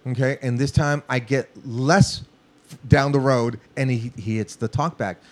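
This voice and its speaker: A man's voice: mid-range voice, moderate pace. A man from Los Angeles telling a long studio story in a casual, profane way, acting out what people said. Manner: profane, animated, acts out quotes. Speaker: guest musician.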